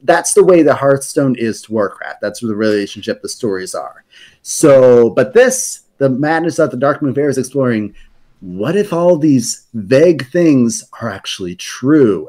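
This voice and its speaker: A man's voice: medium pitch, animated, moderate pace, darkish tone. A man on a podcast explaining video game lore in a casual, rambling way, with many fillers and restarts.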